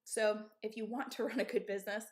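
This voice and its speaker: A woman's voice: mid-range voice, fairly even intonation, a little fast, a little mellow. Woman in her 30s, gym owner, talking straight to the camera, emphatic, keeps tossing in "okay?" and "right?". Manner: candid, emphatic, asks "okay?" and "right?" often. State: out of breath. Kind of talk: live-stream advice talk.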